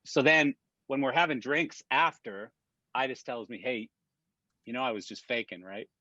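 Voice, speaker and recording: A man's voice: mid-range voice, moderate pace, pushed and bright, dry recording. A man on a video call, chatting casually and telling anecdotes with laughs and swearing. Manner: profane, laughing anecdote-teller. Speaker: regular on a weekly industry chat. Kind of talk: casual chat, storytelling. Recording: dull dry video-call audio.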